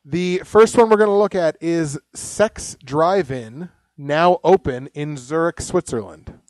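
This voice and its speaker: A man's voice: a little high, a little slow, darkish tone, no echo. A man hosting a casual podcast, rambling, swearing constantly and laughing at his own jokes. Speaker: podcast host. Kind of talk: casual profane podcast chat.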